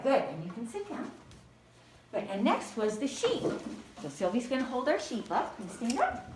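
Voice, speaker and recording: A woman teaches a group of small children with a high voice that swings up and down. She prompts them in a gentle, sing-song way and praises each answer. She is picked up from across a very echoey classroom, with faint noise underneath. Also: big pitch swings, moderate pace. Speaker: preschool teacher. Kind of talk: leading a children's Christmas lesson. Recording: very echoey room, distant mic.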